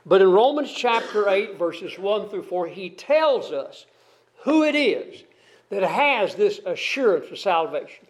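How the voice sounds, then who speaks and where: A man's voice: high-pitched, sing-song, measured pace. A man preaching an expository sermon, reading scripture aloud and explaining it verse by verse, asking his listeners questions. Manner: asks the congregation questions.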